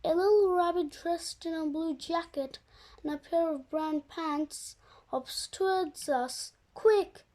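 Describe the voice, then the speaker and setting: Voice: very high voice, slow pace, darkish tone. A young reader reading a children's chapter book aloud with careful expression. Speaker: storybook reader.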